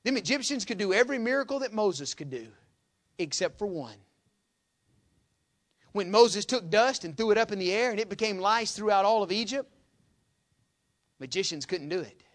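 A man preaching a sermon in a folksy manner, reading scripture loudly and dropping to quiet asides. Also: high-pitched, lively intonation, moderate pace, pauses often.

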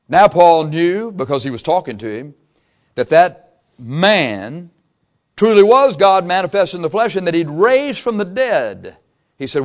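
A man preaching a sermon, impassioned and emphatic, swinging from loud peaks to quiet asides and repeating phrases for emphasis. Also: high-pitched, very animated, measured pace.

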